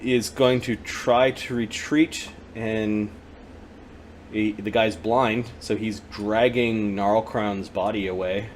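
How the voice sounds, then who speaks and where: A man's voice: lowish voice, steady tone, slow, slight background noise. A man acting as game master, narrating a tabletop game and working through rules, with many fillers.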